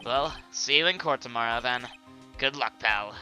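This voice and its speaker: A man voicing a gruff, loyal male police detective in a put-on Southern accent, calling everyone "pal" while reading a video game. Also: mid-range voice, normal speed, bright, forceful tone, soft background music. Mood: cheerful. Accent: put-on American Southern. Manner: folksy, says "pal" often. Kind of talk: Let's Play voice acting of game text.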